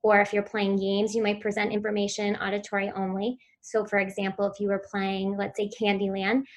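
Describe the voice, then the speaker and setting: A woman giving a virtual conference talk on speech therapy, explaining in a clear, instructive way and sometimes modeling sounds for children. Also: medium pitch, completely flat delivery, a little fast.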